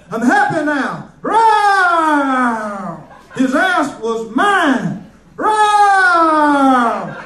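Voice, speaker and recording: A man's voice: very high voice, pushed and bright, roomy sound, recorded from a distance, full character voice. Man playing a roaring gleeful lion. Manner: growling roars, gleeful, rowdy. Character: roaring male lion that eats racists.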